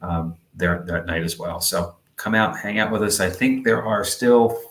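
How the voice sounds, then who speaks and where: Low-voiced chatty man, roomy sound. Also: normal speed, a bit bright. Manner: meandering, chatty, frequent fillers. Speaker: podcast co-host. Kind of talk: casual podcast chat.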